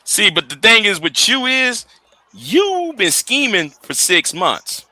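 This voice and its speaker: Bright, animated man arguing hard. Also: high voice, slow, no echo. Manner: stammering, repeats words when interrupted; blunt and combative, swears freely. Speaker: live stream host. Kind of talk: heated live stream argument.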